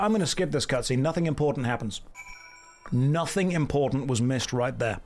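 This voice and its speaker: A British man streaming a game, bantering with chat in a sarcastic, deadpan way. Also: mid-range voice, moderate pace. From Britain. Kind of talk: casual livestream commentary.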